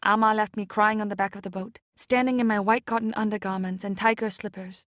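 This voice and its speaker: A woman with a mid-range voice reads an audiobook chapter aloud as scripted narration, measured and expressive. The recording has clean studio sound with no room sound.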